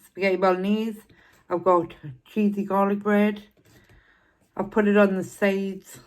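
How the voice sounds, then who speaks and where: A woman's voice: medium pitch, little pitch movement, a little slow, a little mellow. A middle-aged woman chatting casually to her viewers between bites of food. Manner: chatty, eating between sentences. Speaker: mukbang vlogger. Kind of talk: casual chat while eating.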